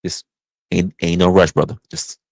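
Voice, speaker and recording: A man voicing a calm support-group leader who gently coaxes a member to speak, in a comedic livestream skit. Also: low voice, no echo, clean studio sound, voice pushed down. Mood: soothing. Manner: slow, reassuring, coaxing.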